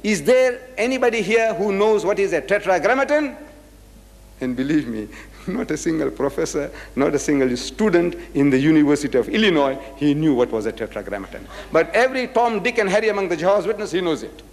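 A man's voice: on the high side, lively intonation, brisk, long reverb tail. A man giving a live lecture to an audience. He speaks emphatically, throws rhetorical questions at the crowd, spells out words and chants phrases. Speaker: public lecturer.

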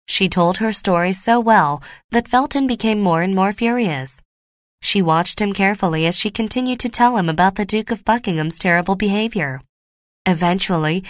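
A woman narrating a graded reader audiobook in a clear, steady, measured way. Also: mid-range voice, no echo, studio quality.

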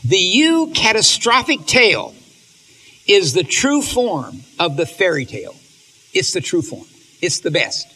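A man giving an animated, emotional lecture on stories, reading passages aloud and often restarting his sentences. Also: sits high, a little slow, breathy edge. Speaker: speaker on literature and faith.

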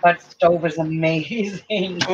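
A woman's voice: fairly low pitch, steady tone, slow. A woman hosting a casual live-stream chat from indoors at home, talking in a rambling way with lots of restarts and trailing off. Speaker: quilting channel host. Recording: dull lo-fi audio, faint noise.

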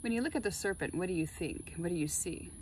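A woman chatting casually while laying out tarot cards, excitable and full of spiritual musings. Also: lowish voice, quick pace, slight background noise, rough recording. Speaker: tarot reader.

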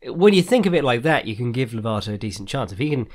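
Hosting a laid-back fight-sports podcast about MMA, this man is very animated and quick, with a medium-pitched voice. His talk is rambling and profane, and he frequently cracks up at his own side comments.

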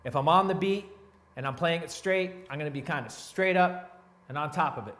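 A man's voice: on the high side, fairly quick. Laid-back man teaching drums. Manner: relaxed, explains step by step, counts beats aloud. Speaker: drum teacher. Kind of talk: casual drum lesson. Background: drum playing.

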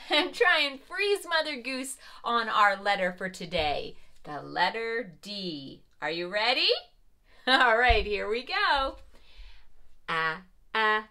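A woman leads a preschool lesson in a bright, ringing voice that swoops up and down in big, lively pitch swings. She speaks slowly and encouragingly to small children. Her pitch sits a little high. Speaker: preschool teacher.

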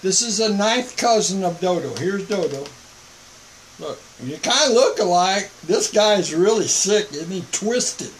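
An older man with a high voice preaches at an unhurried pace. He keeps a mock-calm, sarcastic, emphatic manner throughout. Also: slight background noise, rough recording. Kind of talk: informal online preaching.

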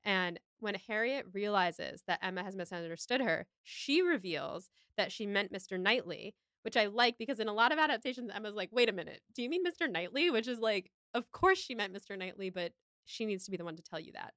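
A woman's voice: mid-range voice, animated, fairly quick, hardly any pauses, a bit bright, dry recording, clean studio sound. A woman hosting a podcast, recapping a film in casual chat with a wry, joking manner. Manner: chatty, wry, acts out quotes. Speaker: podcast host.

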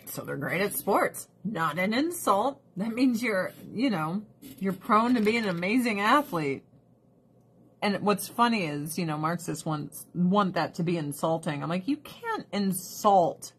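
Husky, animated woman ranting. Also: fairly low pitch, unhurried. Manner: animated, sarcastic, laughs often; talks to pets and viewers. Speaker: vlogger. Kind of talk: casual ranting commentary.

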